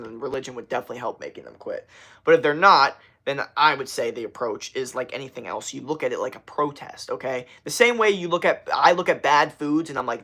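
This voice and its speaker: A man's voice: mid-range voice, sharp tone. A young man hosting a livestream, chatting casually in a rambling, profane way with many restarts. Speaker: livestream host.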